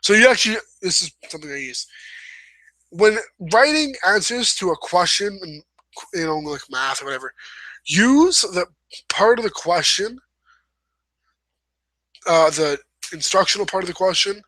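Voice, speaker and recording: A young male host gives a casual writing lesson in a loose, wandering style, pausing to correct himself and offer apologies along the way. His voice is bright and forceful, sitting slightly high, with a moderate pace and long pauses. The recording is close and dry, with no echo from the room.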